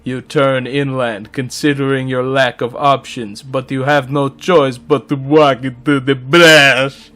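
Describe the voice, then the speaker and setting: A man's voice: mid-range voice, little pitch movement, unhurried, pushed and bright, soft background music. A man co-hosting a comedy podcast, reading a game's story aloud in a mock-dramatic, joking style. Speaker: podcast co-host. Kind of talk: comedic dramatic narration of a game.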